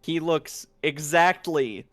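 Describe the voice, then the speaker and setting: A man with a slightly high, fairly bright voice speaks slowly as a stream co-host, spinning a rambling, casual story full of swearing and giggles. There's no echo, and faint music plays in the background.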